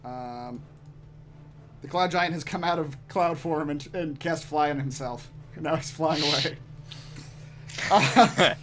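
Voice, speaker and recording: A man's voice: fairly high pitch, takes it slowly, pauses often. A man running a tabletop game online as game master, loose and chuckling, with many ums.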